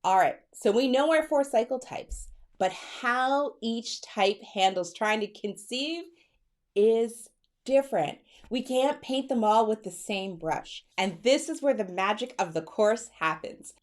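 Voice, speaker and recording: Excited chatty woman fertility coach. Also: fairly high pitch, unhurried. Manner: chatty, excited and personal, calls viewers girl and sis. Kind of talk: direct-to-camera coaching talk.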